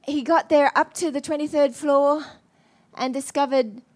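Earnest woman preacher, fairly high voice, halting sermon storytelling. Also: fairly even intonation, darkish tone. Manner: earnest, halting, many restarts.

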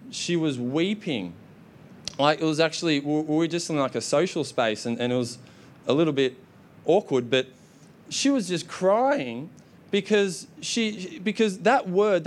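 A young adult man preaching a sermon, energetic and exhorting the congregation. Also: a little high. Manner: energetic, exhorting with repeated "come on".

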